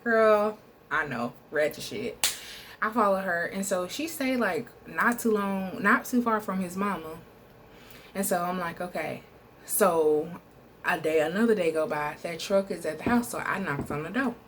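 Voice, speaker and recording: A young woman from Texas with a Southern US accent telling a casual storytime vlog, animated and profane, calling the viewer "girl", recorded on a phone. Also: fairly low pitch, measured pace, a little hiss or hum. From Texas, USA.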